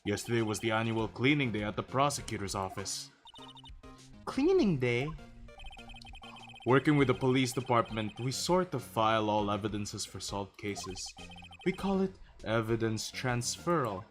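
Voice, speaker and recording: A man's voice: mid-range voice, sing-song, normal speed, faint music behind, close to an everyday voice. A man voicing a cold, haughty male prosecutor who speaks curtly and dismissively. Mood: aloof. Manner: curt, dismissive.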